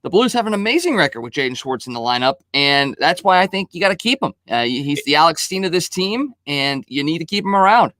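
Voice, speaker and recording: Bright-voiced male co-host, measured. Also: a little high, very animated, no room sound, clean studio sound. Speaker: podcast co-host. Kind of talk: casual podcast chat.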